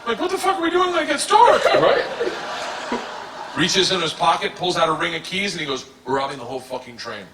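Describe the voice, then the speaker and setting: Loud laughing stand-up comedian man. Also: high voice, expressive, fairly quick. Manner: loud, laughing, shouting punchlines. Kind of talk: stand-up storytelling. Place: stage before a live audience. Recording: roomy live recording from a distance, audience noise.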